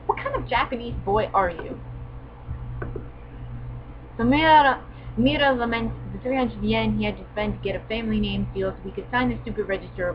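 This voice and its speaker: A woman's voice: on the high side, lo-fi sound, a little hiss or hum. A woman reviewing an anime in sarcastic, casual commentary, full of profane, mock-exasperated asides.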